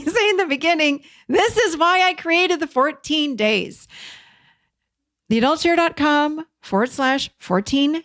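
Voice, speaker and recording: A middle-aged woman hosting an encouraging self-help talk, direct and warm, repeating words for emphasis. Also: on the high side, no echo, studio quality. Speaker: host.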